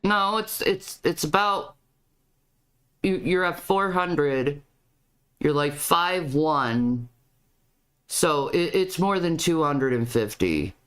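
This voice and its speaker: A woman's voice: low-pitched, expressive, takes it slowly, long pauses, fairly bright tone. A woman commenting on a video clip, often stammering and repeating her words. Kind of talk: reaction commentary.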